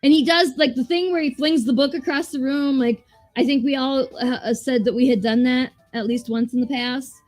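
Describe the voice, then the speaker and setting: A young woman with a fairly high voice talks through a film in a loose, rambling podcast chat. She swears often and tumbles over her own restarts. Faint music runs quietly underneath. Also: moderate pace, dry recording. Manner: animated, profane, rambling with restarts. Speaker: podcast co-host. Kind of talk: casual movie discussion.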